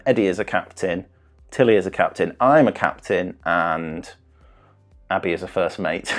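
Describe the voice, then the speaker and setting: Rambling man hosting a quiz. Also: lowish voice. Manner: rambling, self-interrupting, jokey. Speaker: quiz host. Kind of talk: live-streamed quiz, casual chat.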